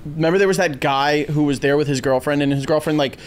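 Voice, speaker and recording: A man's voice: fairly high pitch, steady tone, quick pace. A man joining a podcast conversation, telling a story in casual chat.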